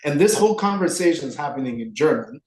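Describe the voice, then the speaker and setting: Animated young man telling stories. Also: a little high, fast, reverberant, rough recording. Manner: animated, filler-heavy storytelling. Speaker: podcast co-host. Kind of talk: casual storytelling chat.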